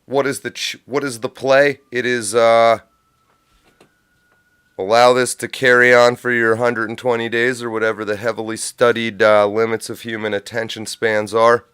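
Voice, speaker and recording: Male stream host, mid-pitched voice, smooth and crisp, dry close sound; riffs crude, sarcastic rants. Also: little pitch movement, moderate pace, fairly bright tone, no echo. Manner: sardonic, profane riffing; rambling absurd tangents. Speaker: livestream host. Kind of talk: comedic political commentary.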